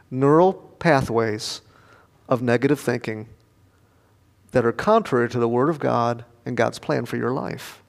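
A man's voice: mid-range voice, unhurried, vocal fry. An older man preaching a sermon, telling homely family stories and asking the congregation questions. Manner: folksy storytelling, asks the congregation questions. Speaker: pastor. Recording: long reverb of a large hall.

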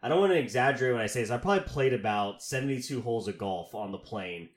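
A man's voice: medium pitch, expressive, quick pace, reverberant. A man from Texas, a podcast host telling travel stories in casual, rambling chat full of "like". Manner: rambling storyteller, filler-heavy.

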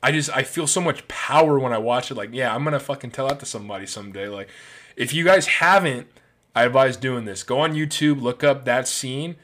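A man's voice: medium pitch, fairly quick, fairly bright tone. A man giving casual, enthusiastic movie commentary as a film reviewer, rambling from one scene to the next.

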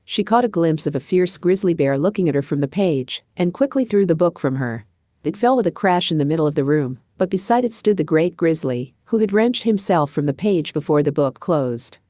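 A woman narrating a storybook in an even, measured reading. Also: sits low, no echo, studio quality.

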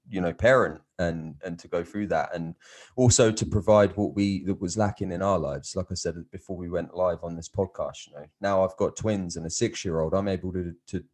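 Podcast host, man in his thirties, fairly low voice; earnest and rambling, halting. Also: a little mellow. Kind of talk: casual conversation.

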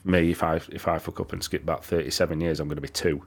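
A man's voice: extremely low pitch, fairly even intonation, fast, breathy edge. A man, a lorry driver bantering bluntly and playfully on a podcast. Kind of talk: casual banter.

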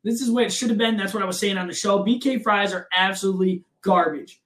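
Excitable high-voiced young man ranting. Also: quick pace. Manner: animated, laughing, mock-outraged rants. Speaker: podcast co-host. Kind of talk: casual podcast banter. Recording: roomy echo.

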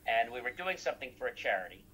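A man's voice: medium pitch, very animated, fast, bright, forceful tone, slight background noise, poor audio. Man telling stories in casual chat. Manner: acts out quoted dialogue.

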